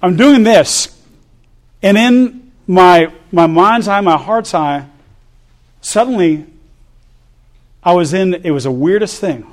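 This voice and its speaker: Male preacher, slightly high voice, animated storyteller, sermon testimony. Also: slow, pauses often. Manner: animated storyteller, laughs between lines.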